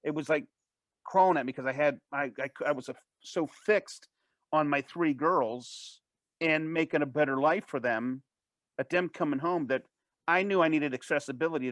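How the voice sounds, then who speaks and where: A man's voice: mid-range voice, no echo. Guy rambling thru a story in an interview, lots of restarts, dry close sound. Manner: rambling, with many restarts and false starts; animated, fast-paced anecdote telling. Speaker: interview guest. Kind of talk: casual storytelling.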